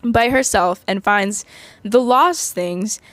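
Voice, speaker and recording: A woman's voice: medium pitch, takes it slowly, fairly bright tone, no room sound. A woman in her twenties recapping a movie in a rambling, chatty way, full of fillers. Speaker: vlogger.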